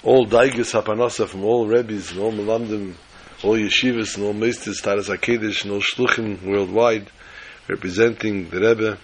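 A man's voice: on the low side, fairly even intonation, moderate pace, slight background noise. A man preaching as a rabbi, telling a story in a folksy, emphatic way. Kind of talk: sermon with storytelling.

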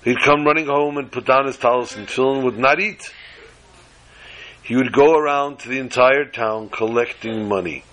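A man telling a religious story to listeners in a measured, dramatic way. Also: mid-range voice, fairly bright tone, poor audio.

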